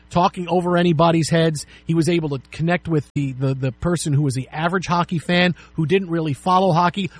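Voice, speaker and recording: A middle-aged man co-hosting sports talk radio with a slightly high, husky voice. He tells animated stories and acts out the people in them. The sound is dry and close to the mic. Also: dry recording. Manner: animated storyteller, acts out quotes.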